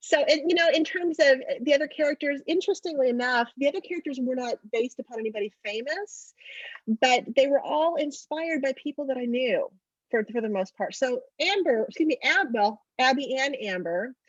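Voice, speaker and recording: A middle-aged woman author in a casual interview over a video call, telling stories in a chatty, animated way. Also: high voice, normal speed, dry recording, highs cut off.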